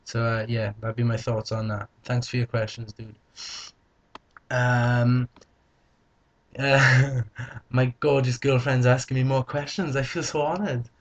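A young man chats on his vlog, answering viewer questions with a playful, joking edge. His voice sits at an ordinary middle pitch for a man. The recording sounds a little dull and lo-fi. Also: level tone, a little slow, long pauses. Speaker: vlogger.

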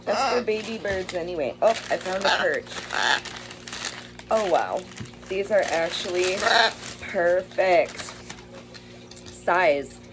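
A woman's voice: on the low side, slow, pauses often, noisy background. A woman chatting casually while unboxing bird toys, gushing over them and talking to her pet birds at home. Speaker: bird rescue vlogger.

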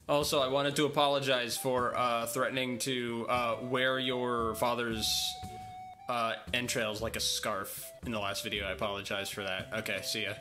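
A man giving goofy, excitable gameplay commentary, joking and swearing as he plays. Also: medium pitch, normal speed, music in the background. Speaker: let's player.

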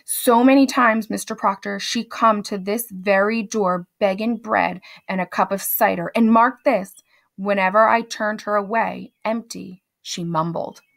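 A woman's voice: medium pitch, steady tone, a little slow, creaky, a bit bright. A woman reading the lines of an anxious, insistent young servant girl, in an earnest, pleading manner. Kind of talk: dramatic reading aloud.

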